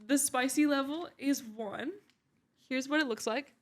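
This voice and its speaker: Young woman with a highish, casual voice. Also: unhurried. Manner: casual, lots of "like" and "you know". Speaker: podcast co-host. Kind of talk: casual chat.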